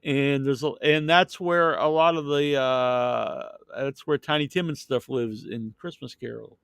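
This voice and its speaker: A man's voice: mid-range voice, steady tone, unhurried, vocal fry, a bit bright, clean tone, dry recording, clean studio sound. A man hosting a podcast, telling rambling anecdotes in casual chat with lots of restarts. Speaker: podcast host.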